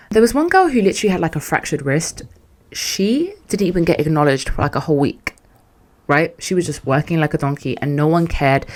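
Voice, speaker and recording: A young woman talks through her story on a podcast. Her voice sits a little low, and she sounds casual, slangy and exasperated. She swings between animated bursts and dry asides. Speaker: podcast host.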